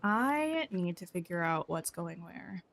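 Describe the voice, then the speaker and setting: A woman's voice: lowish voice, big pitch swings, slow pace, fairly bright tone, faint music behind. A woman chatting casually while livestreaming a game, thinking aloud and tossing in playful asides to her viewers. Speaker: game streamer.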